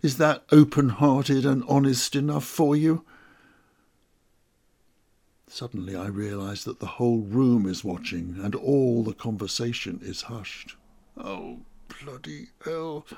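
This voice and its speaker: Male storyteller, slow and gravelly, intimate confessional monologue. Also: medium pitch, darkish tone. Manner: slow, reflective and intimate, rising to emotional outbursts. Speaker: narrator. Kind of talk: first-person dramatic monologue.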